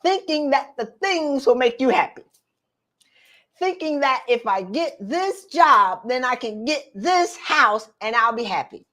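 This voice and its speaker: A middle-aged woman coaching live. Her voice sits a little high, and she talks in a slangy, direct, animated way. She sounds like she is preaching to a crowd of viewers. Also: a little slow. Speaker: career coach for women. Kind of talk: live-streamed coaching talk.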